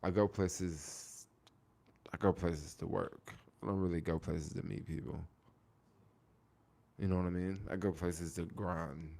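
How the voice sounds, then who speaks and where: A man's voice: low-pitched, steady tone, creaky, darkish tone. A man hosting a casual livestream, chatting with viewers and repeating phrases for emphasis. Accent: American. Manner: repetitive, restarting phrases, drawn-out emphasis. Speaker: livestream host.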